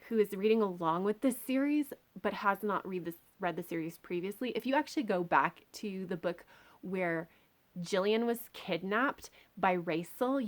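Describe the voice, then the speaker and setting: A woman reviewing a book in a casual, chatty, enthusiastic way, full of filler words. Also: medium pitch. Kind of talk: casual chat.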